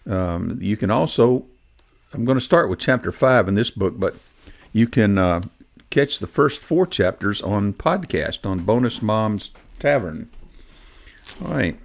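A man reading a bedtime story aloud in a gentle way, speaking to the listener now and then. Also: fairly low pitch, animated, a little slow, gravelly. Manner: gentle, talks to the listener between passages. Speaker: storybook reader.

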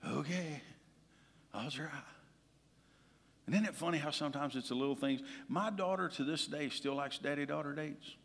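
A man preaching a sermon as pastor, telling personal stories and swinging from loud to hushed. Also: a little high, normal speed, vocal fry, long pauses, in a large hall. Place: large church hall.

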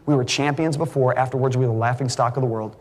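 A middle-aged male preacher giving an animated sermon, full of stories, his voice climbing high for the punchlines. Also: fast. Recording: long hall reverb.

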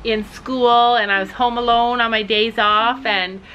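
A chatty woman talks to her viewers in a casual family vlog, lively and direct. Her voice sits a little high and comes across crisp and bright. She is outdoors in her backyard, with a faint hiss of noise behind her. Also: unhurried, dull audio. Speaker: family vlogger. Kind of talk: casual chat to camera.

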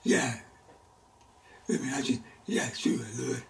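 A man teaches a Sunday school Bible lesson at a slow, deliberate pace. His voice is gravelly, and his speech comes in halting fragments broken by sudden loud exclamations. He sounds set back from the microphone in a church classroom. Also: medium pitch, animated, recorded from a distance, a little hiss or hum.

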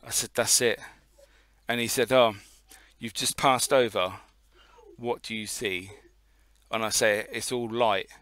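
Bright, sharp-voiced man telling a story. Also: on the low side, steady tone, measured pace, no echo. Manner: rambling storyteller, swears often. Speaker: podcast co-host. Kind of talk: casual podcast chat.

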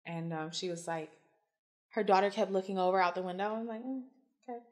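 A woman's voice: medium pitch, fairly quick. A young woman co-hosting a podcast, chatting casually and telling stories with blunt, profane humor, acting out the people in them, often laughing. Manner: acts out the other people in her stories, swears freely, laughs a lot. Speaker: podcast co-host. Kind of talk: casual chat, animated storytelling.

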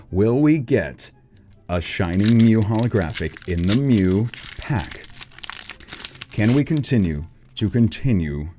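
A man excitedly opening trading card packs on his channel, calling out each card and gasping at rare pulls. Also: sits low. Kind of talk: excited unboxing commentary.

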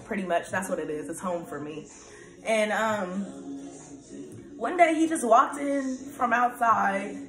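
A young woman vlogging in a casual, candid monologue, rambling with lots of fillers and often laughing. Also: medium pitch. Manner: laughs often, turns loud and animated when excited. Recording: echoey room.

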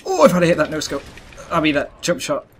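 Very animated and brisk, a young man with a fairly high pitch provides live gameplay commentary as a gaming YouTuber. Groaning at his misses, he addresses his viewers, while a little hiss or hum and faint gunfire and game sounds come through.

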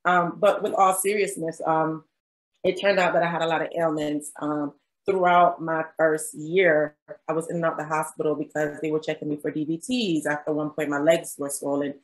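A woman's voice: sits low, little pitch movement, normal speed, rough recording. A young adult woman, a physician guest, telling a story in a casual interview, acting out quotes and laughing often. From South Jersey.

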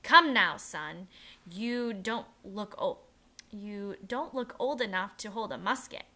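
Woman voicing a gruff heavy-set army captain. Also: animated, slow pace, bright, forceful tone, heavily acted. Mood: gruff coaxing. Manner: coaxing, pushy, speaks low.

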